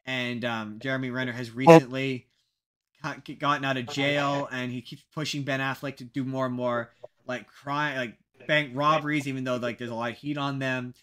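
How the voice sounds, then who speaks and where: A young man co-hosting a casual podcast, rambling and animated, poking fun at his own past opinions. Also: medium pitch, normal speed. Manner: animated, rambling, self-mocking. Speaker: podcast co-host.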